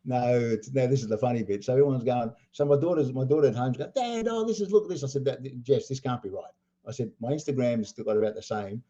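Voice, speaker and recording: An older Australian man, a poker player, telling animated anecdotes full of acted-out quotes. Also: medium pitch, quick pace, muffled recording. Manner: animated storyteller acting out quotes, laughing. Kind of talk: storytelling anecdotes.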